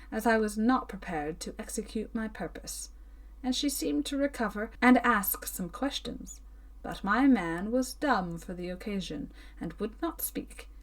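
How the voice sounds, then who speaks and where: A woman reading a Victorian story aloud in slow, expressive audiobook narration. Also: medium pitch, distant mic. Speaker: audiobook reader.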